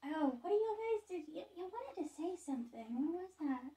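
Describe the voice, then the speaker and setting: Woman, 30s, high voice, excitable rambling vlogger, slightly off-mic. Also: normal speed, distant mic, a little hiss or hum. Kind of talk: casual unboxing vlog.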